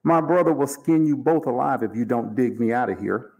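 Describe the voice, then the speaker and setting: A man reading aloud, voicing an angry trapped man who blusters, threatens and shouts his demands. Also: medium pitch, a little fast, close to an everyday voice. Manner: shouting, indignant.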